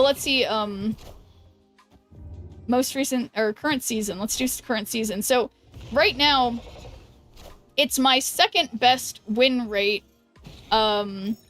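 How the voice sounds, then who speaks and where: Woman game streamer, slightly high pitch, casual think-aloud commentary to chat, soft music bed. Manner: thinks aloud, halting restarts, chats with viewers. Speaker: streamer playing a card game.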